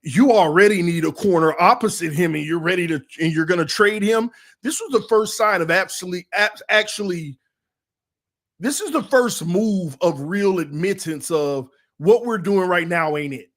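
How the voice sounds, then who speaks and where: A man's voice: high-pitched, normal speed, a bit bright. A man hosting a sports fan livestream, talking in an emotional, confessional way and repeating points for emphasis. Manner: casual, repeats himself for emphasis. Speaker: sports fan show host.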